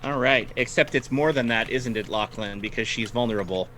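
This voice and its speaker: A man's voice: mid-range voice, a little fast, bright, forceful tone, slight background noise. A man running a tabletop game as game master, narrating turns in a friendly way and laughing often.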